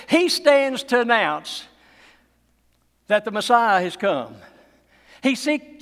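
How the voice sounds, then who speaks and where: A man preaching a sermon as pastor, with emphatic, dramatic delivery and pauses. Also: high-pitched, fairly bright tone. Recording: long echo of a large hall.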